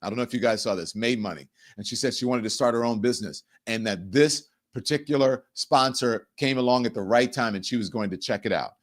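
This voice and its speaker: Brisk and barely pausing, a middle-aged talk show host rambles through a casual monologue, often repeating his words. His chatty delivery moves from pitching a sponsor to ranting heatedly.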